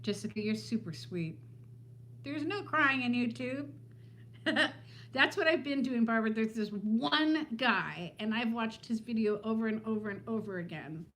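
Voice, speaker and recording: Her fairly high, bright-toned voice is animated and moves at normal speed, with a little hiss or hum on the recording. She's a woman in her fifties running a relaxed live stream from home, addressing viewers by name and often laughing.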